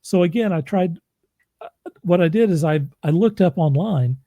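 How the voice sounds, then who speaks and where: A man's voice: high-pitched, expressive, normal speed, dark tone, dry recording, highs cut off. Rambling self-deprecating man narrator. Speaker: audiobook narrator and author. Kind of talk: casual chat.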